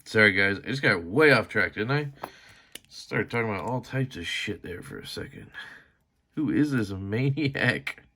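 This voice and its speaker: In this casual knife disassembly vlog, a knife reviewer with a lowish, expressive voice speaks at a moderate pace in a bright, forceful tone. He rambles to viewers while fiddling with the knife, grumbling, swearing mildly, and often joking at his own expense.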